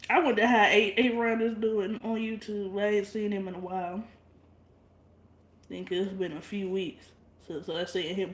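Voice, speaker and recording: Blunt, profane woman in an echoey room. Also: on the high side. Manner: blunt, profane, laughs often. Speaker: livestream vlogger. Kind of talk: casual livestream chat with viewers.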